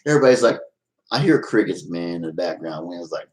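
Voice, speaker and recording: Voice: low-pitched, expressive, fast talker, poor audio. A live-stream host in casual, playful chat with viewers, giggling often and teasing in a folksy way.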